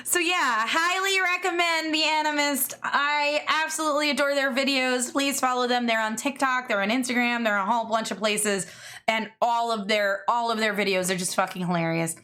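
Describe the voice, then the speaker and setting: A woman streamer chatting casually as she reacts to videos, excitable and gushing, swearing freely. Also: a little high, normal speed, smooth. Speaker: VTuber streamer.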